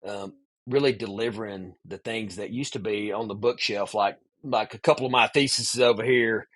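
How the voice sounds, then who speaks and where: A man's voice: fairly low pitch, moderate pace. A man, a podcast guest, casually telling a long story with lots of "man" asides. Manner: animated storyteller, peppers speech with "man".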